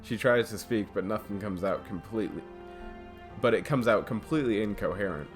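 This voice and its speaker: A man's voice: on the low side, brisk, soft background music. A man hosting a game playthrough, reading the story aloud in a casual way with small slips. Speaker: host. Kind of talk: narrating a visual novel playthrough.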